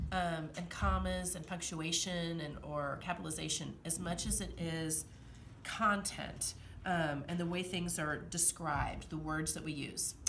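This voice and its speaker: A woman's voice: medium pitch, a little hiss or hum. A woman teacher explaining how to revise a paper, direct and emphatic, often checking in with "okay". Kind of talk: classroom writing lesson.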